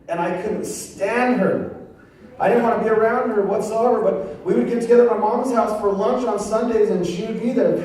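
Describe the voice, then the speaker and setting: A guest pastor with a very high, darkish voice at a moderate pace gives a sermon testimony in a church sanctuary, acting out voices and dropping street slang. It's recorded from a distant mic in an echoey room with faint ambience.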